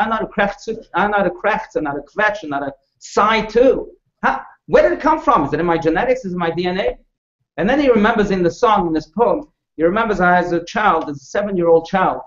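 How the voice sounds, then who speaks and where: A male rabbi teaches a class with expressive storytelling, his voice rising and falling in pitch and loudness. He speaks a little higher than most men and often turns questions to his listeners. The sound is dull and lo-fi, and the room echoes. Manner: asks the audience questions. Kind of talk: storytelling lecture to a live audience.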